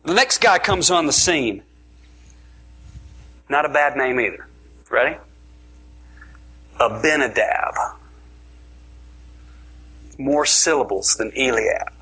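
A man's voice: mid-range voice, lively intonation, slow pace, pauses often, pushed and bright, husky. A man preaching a sermon, telling the story with jokes and dropping into whispers for emphasis. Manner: playful, joking storytelling, with sudden whispers.

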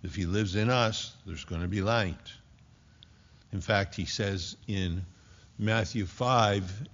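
A man's voice: fairly low pitch, slow, a bit bright. A man preaching an expository sermon in a church, emphatic with folksy asides. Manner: emphatic, folksy asides between scripture readings. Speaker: pastor. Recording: dull lo-fi recording.

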